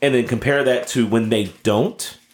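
A man's voice: medium pitch, steady tone. A man co-hosting a casual Christian podcast, talking earnestly and stumbling over restarts. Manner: earnest, halting with many restarts. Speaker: podcast co-host.

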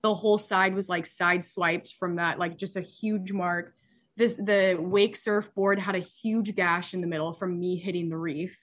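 Young woman telling a crazy yacht story, lots of "like", laughing, really animated. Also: lowish voice, normal speed. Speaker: superyacht stewardess, guest. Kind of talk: casual storytelling chat.

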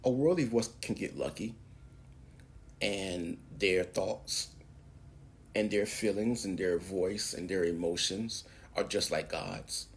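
A man's voice: low voice, slow, vocal fry, slight background noise. A man hosting a preaching podcast, speaking in an emphatic, preacherly way and pushing his voice up on key words. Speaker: podcast host.

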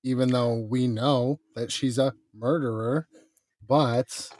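A man's voice: mid-range voice, fairly even intonation, takes it slowly, darkish tone, no echo. Guy hosting a podcast, easygoing, says "you know" constantly, mid voice, dry sound. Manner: conversational, filler-heavy with "you know". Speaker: podcast host. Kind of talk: casual chat.

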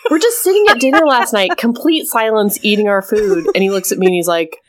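A young woman co-hosting a podcast, telling an exasperated story in casual chat and mimicking her partner's flat replies. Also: medium pitch, brisk, crowd noise. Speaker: podcast co-host.

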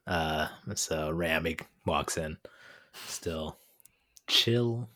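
Chill tabletop player, low voice, bright tone. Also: very slow. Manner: easygoing, laughs often. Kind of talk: tabletop game play.

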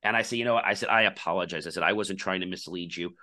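Male podcast guest, deep bright voice, animated storyteller who plays out the back-and-forth in his anecdotes. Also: racing. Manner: animated storyteller acting out quoted dialogue. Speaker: podcast guest, company founder.

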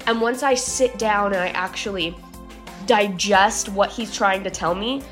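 A woman's voice: medium pitch, a little slow, fairly bright tone. An upbeat young woman talks through a daily devotional in a loose, chatty way, often saying "like." Her voice sits in the middle range. Faint music plays behind her. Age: young adult. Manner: chatty, upbeat, uses "like" a lot. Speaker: podcast devotional host. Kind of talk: casual devotional talk.

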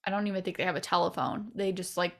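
A woman's voice: on the low side, fast talker, fairly bright tone. A young adult woman co-hosting a podcast, chatting casually and rambling with lots of fillers. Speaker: podcast co-host. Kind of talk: casual chat.

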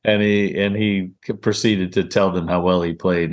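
A man's voice: sits low, steady tone, moderate pace, hardly any pauses. A man from Virginia hosting a podcast, joking and laughing through casual banter. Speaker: podcast host. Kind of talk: casual chat.

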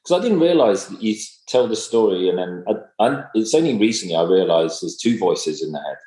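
A man in casual conversation, speaking in a halting, reflective way with many fillers and restarts. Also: fairly low pitch, animated, warm tone. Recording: echoey room.

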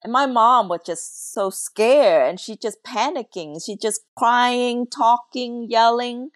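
A woman's voice: on the high side, slow pace, dry recording, clean studio sound. Woman telling her story. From Laos. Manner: earnest, emotional, non-native English grammar. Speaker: guest. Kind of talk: personal storytelling in an interview.

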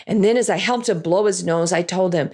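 This is a woman's fairly low-pitched, brisk voice, recounting to an audience a story from the children's Bible class she teaches. She gets animated, acting out the lines and sound effects in voices.

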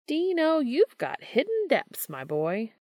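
A woman's voice: high-pitched, wildly swooping pitch, slow, a little mellow, no room sound, studio quality, pitched above the performer's own voice, heavily acted. A woman voicing a brash, joking male game show host in a fan story reading. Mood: teasing showman. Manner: teasing, showy.

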